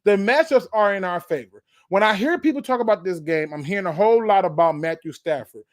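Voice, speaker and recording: A man's voice: high voice, animated, fairly quick. Fired-up man ranting about football. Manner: fired-up, preachy, repeats points. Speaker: sports channel host. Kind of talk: fan sports rant.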